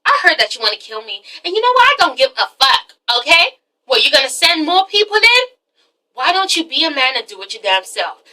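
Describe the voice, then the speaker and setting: Woman playing a fierce defiant woman, high-pitched, loud challenging delivery, sharp bright tone, slightly distant mic. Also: very animated, fairly quick, heavily acted. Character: defiant furious woman daring a rival.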